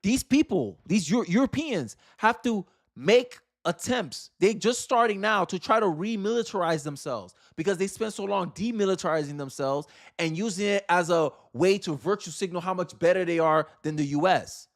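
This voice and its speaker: Emphatic high-voiced male political commentator. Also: animated, moderate pace, few pauses. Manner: emphatic, repeats phrases for effect. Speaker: livestream host.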